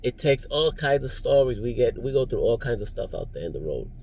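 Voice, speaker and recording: A man's voice: mid-range voice, very animated, a little fast, gravelly, dark tone, muffled recording, slight background noise. A man giving rambling, preachy life advice in a casual vlog, recorded in his parked car, chuckling now and then. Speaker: vlogger, driver.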